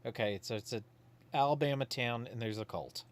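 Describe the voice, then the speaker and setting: A man hosting a horror podcast stream, chatting casually as he plays a game and reads its text aloud. He muses out loud about the story as it unfolds. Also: medium pitch, fairly quick, clear, resonant tone. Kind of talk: casual let's-play chat.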